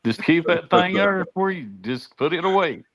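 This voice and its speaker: A man's voice: sits high, lively intonation, normal speed, dull audio, crowd noise. A man on a casual livestream panel who jokes and laughs along.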